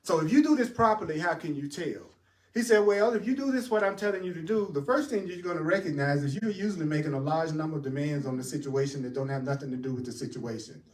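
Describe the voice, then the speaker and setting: A man teaching a spiritual class in an animated way, asking rhetorical questions, answering them himself and chuckling often. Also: fairly high pitch, quick pace. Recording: roomy sound from a distant mic.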